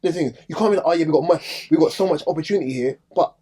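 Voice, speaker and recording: A man's voice: fairly high pitch, very fast, dark tone, breathy edge. A man, a podcast co-host making his point emphatically in casual chat. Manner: emphatic, argumentative.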